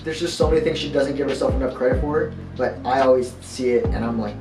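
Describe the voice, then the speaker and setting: A young man speaks earnestly and thoughtfully about his girlfriend, in a mid-range voice. He sounds set back from the mic in an echoey room, with music clearly under him. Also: medium pitch, fast talker. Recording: roomy, distant, music behind.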